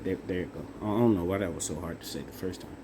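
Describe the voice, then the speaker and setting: A young man improvising a fan-fiction story out loud, halting with fillers and self-corrections. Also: deep voice, background noise.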